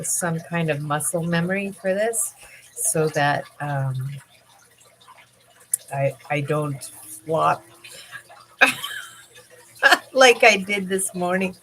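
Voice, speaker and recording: A middle-aged woman chatting casually on a livestream from home. Her voice sits low and her pace is very slow, full of pauses and fillers. She sounds tired and yawny, and laughs often as she talks. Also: gravelly, a bit bright, slight background noise. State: tired, yawning. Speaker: livestream host.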